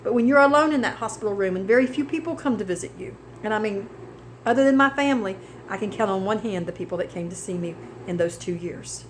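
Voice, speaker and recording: A woman's voice: medium pitch, lively intonation, fast talker, a little hiss or hum, low-quality recording. A woman giving an earnest personal testimony of faith and healing, building into preaching with scripture cadences. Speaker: cancer survivor giving testimony.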